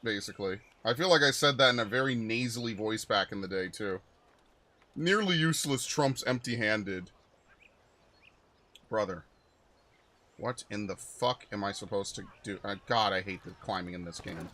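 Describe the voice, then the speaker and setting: A man talking through a video game stream in a loose, rambling way, with a bright, forceful voice. He drifts between the game and side topics and swears often. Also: on the low side, brisk. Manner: rambling, profane, chatty asides. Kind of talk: casual gameplay commentary.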